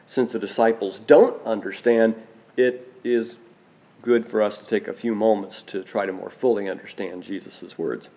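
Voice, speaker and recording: A man preaching a sermon, slow and deliberate, letting his voice drop soft on key phrases. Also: lowish voice, fairly even intonation. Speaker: pastor.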